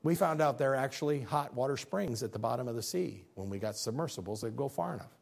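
Animated man preaching with rhetorical questions. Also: mid-range voice, fast talker, vocal fry. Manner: rhetorical questions, emphatic, occasional stumbles. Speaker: speaker presenting slides. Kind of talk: animated faith talk with slides.

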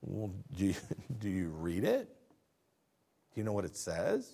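Animated preaching man in his fifties. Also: sits low, unhurried, creaky. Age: 50s. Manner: preaching with rhetorical questions and acted-out dialogue. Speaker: pastor. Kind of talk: sermon.

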